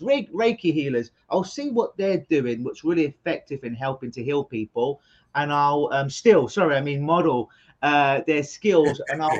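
A man's voice: fairly high pitch, dull audio. A man from England with a London accent, a hypnotherapist guest chatting casually in an interview with a jokey manner. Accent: London English.

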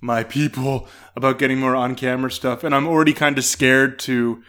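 A man interviewing a guest in casual chat, friendly and halting, with many restarts. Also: medium pitch, flat delivery, fairly bright tone, clear, resonant tone. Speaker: interviewer, voice actor.

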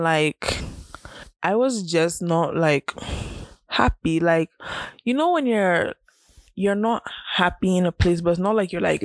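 A young woman shares memories in a loose, chatty podcast monologue. Her voice sits slightly low and she laughs easily between thoughts. The sound is close and dry, with no room around it. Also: no echo. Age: young adult. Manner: chatty, laughs often, many "like" fillers. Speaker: podcast host. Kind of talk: casual storytelling monologue.

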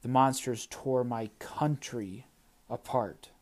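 A man reading an audiobook, voicing a proud, weary male sky god who speaks in a measured, accusing way. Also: medium pitch, a little mellow, a little hiss or hum, lightly acted. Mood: stern.

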